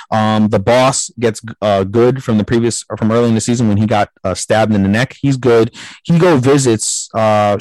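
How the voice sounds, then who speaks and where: A man's voice: fairly low pitch, a little mellow, no room sound, rough recording. A man casually recapping and rating a show, rambling with lots of fillers and swearing. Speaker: podcast co-host reviewing a show. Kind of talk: casual chat.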